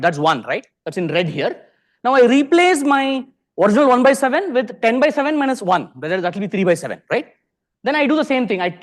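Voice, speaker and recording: Animated Indian man giving a lecture. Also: sits high. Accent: Indian English. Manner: animated, peppers sentences with rhetorical questions. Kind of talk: conference lecture to a live audience. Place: lecture hall.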